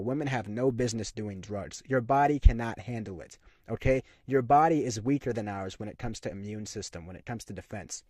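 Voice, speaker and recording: A young man talking straight to camera in a heated, insistent rant, hammering the same points again and again with plenty of "you know" and "like". His voice sits at an ordinary middle pitch. The recording is dry and close, with no room sound at all. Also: a little mellow, no echo. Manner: emphatic, repetitive ranting with frequent fillers. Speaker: commentary channel host. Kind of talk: opinionated monologue to camera.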